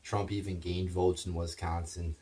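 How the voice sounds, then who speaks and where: A man's voice: low-pitched, level tone, moderate pace, dark tone, distant mic. A man delivering a heated, profane political rant, stumbling over his words and restarting as he goes. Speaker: political commentator.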